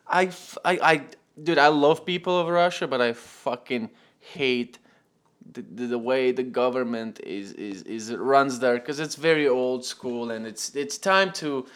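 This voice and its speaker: A man's voice: mid-range voice, unhurried, a bit bright. A man from Ukraine, chatting casually and animatedly, swearing and using lots of fillers. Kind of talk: casual podcast chat.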